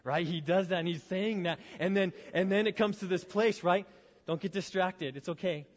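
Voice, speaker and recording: A man preaching to high schoolers in a relaxed, chatty storytelling way, his voice a touch higher than most. A long reverb trails each phrase, and the recording sounds dull and muffled. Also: normal speed. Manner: conversational storytelling, casual asides. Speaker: youth pastor.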